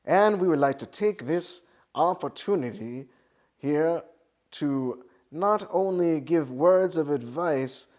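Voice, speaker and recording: A man playing a pompous, booming supreme god. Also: a little mellow. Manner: booming, theatrical proclamations. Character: grandiose male supreme deity, pompous and mocking.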